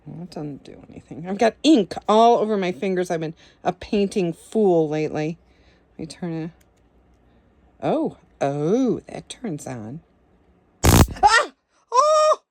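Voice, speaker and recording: A woman's voice: on the low side, expressive, unhurried, mellow, no echo. A woman vlogging casually, giggling and exclaiming often as she talks. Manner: giggly, exclaims often, coos at her dog. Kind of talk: casual vlog talk.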